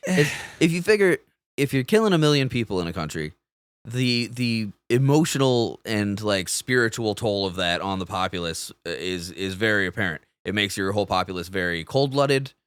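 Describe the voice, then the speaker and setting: A man's voice: on the low side, expressive, moderate pace, a bit bright, clean tone, dry recording. A man co-hosting a podcast in a jokey, wisecracking way, full of pop-culture asides. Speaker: podcast co-host. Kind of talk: casual podcast chat.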